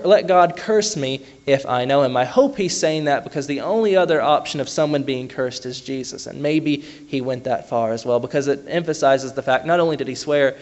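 A man preaching a conversational sermon, often pausing with fillers and restarting his sentences. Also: on the high side, a little mellow.

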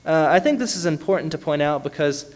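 Guy giving a sermon, kinda high voice, chatty, lots of uh's and restarts. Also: expressive, fairly quick. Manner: conversational, frequent uh fillers and restarts. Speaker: preacher.

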